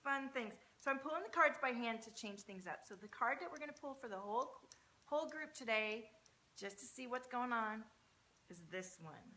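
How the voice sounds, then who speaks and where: A woman hosting a live tarot stream, talking in an effusive, breathy, spiritual way in a large high-ceilinged room. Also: expressive, normal speed, bright, forceful tone, slight background noise. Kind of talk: casual live-stream chat. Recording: muffled, echoey room sound.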